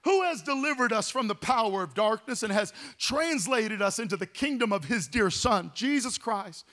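Impassioned high-voiced male pastor preaching. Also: lively intonation, moderate pace. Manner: impassioned preaching, swells into shouts and sing-song cadences. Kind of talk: sermon.

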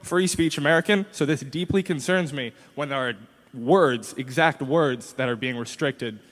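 A man at the audience mic casually interjecting to argue his point. He sits at a middle pitch. His voice carries the long reverb of a big hall. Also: normal speed, fairly bright tone. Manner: casual, interjecting, pushes back. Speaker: audience questioner. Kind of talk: audience challenge at a lecture.

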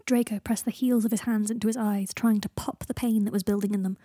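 A woman narrating a fan fiction audiobook in a steady storytelling read. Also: medium pitch, quick pace, husky, no echo, studio quality.

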